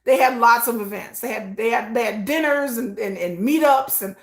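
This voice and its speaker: A woman from Texas hosting a casual livestream, animated and talking straight to her chat viewers. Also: fairly high pitch, normal speed, reverberant. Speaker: livestream host.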